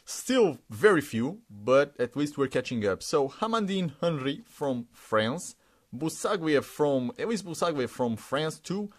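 Man narrating a sticker unboxing. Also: a little high. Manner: halting, repeats words, stumbles over names, chuckles. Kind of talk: casual unboxing commentary.

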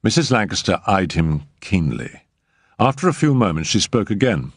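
A man narrating a classic short story as an audiobook, with lively storytelling. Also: sits low, normal speed, slightly rough, no echo, studio quality.

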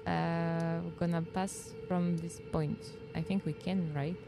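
Giggly French woman streaming slowly. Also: on the low side, little pitch movement, creaky, over music. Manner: giggly, chatty, reacts aloud to the game. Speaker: streamer playing a video game. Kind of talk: casual live-stream chat.

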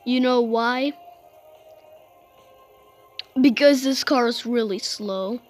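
Woman chatting slow over a driving game, kinda high voice, lots of oh my's, faint noise behind. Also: soft background music. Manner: rambling, exclaiming, restarts sentences often. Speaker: gamer. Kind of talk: casual gameplay commentary.

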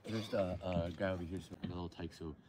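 A man hosting a casual outdoor live stream by a lake, joking and rambling in an animated way. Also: low voice, fast, noisy background.

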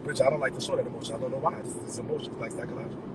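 A man venting to his viewers in an animated, profane, emphatic rant. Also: medium pitch, racing, very noisy. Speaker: vlogger. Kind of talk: ranting straight to camera.

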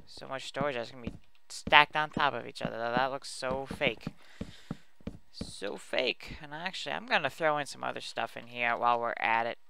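A man's voice: medium pitch, moderate pace, vocal fry, sharp tone, slight background noise. A man giving casual, rambling commentary while building in a video game, chatty and self-mocking as he talks to his viewers. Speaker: let's play host.

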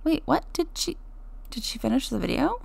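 Woman, young adult, game commentary host, chatty and giggly, gravelly fry, mellow tone. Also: high-pitched, very animated, normal speed. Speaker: Let's Play host.

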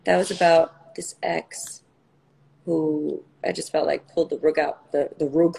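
A woman's voice: low-pitched, fairly even intonation, unhurried, creaky, warm tone, breathy edge, low-quality recording. A woman, a singer hosting her own livestream, chatting casually and playfully between songs, swearing and laughing easily.

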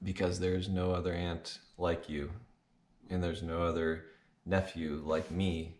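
A man's voice: low voice, level tone, measured pace, darkish tone, roomy sound, a little hiss or hum. A man playing an awkward nephew in an improvised comedy sketch, talking hesitantly. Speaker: nephew making a birthday video.

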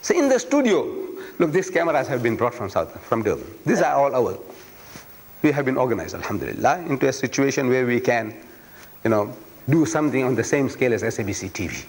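A man's voice: mid-range voice, sing-song, brisk. Emphatic man lecturing in hall. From South Africa. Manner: emphatic, rhetorical, repeats phrases for effect. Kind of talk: public lecture. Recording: long reverb of a lecture hall.

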